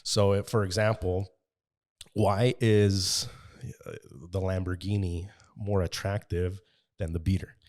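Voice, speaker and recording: A man's voice: low voice, flat delivery, unhurried, darkish tone. A man from the United States in casual podcast conversation, talking earnestly and at length, with many restarts.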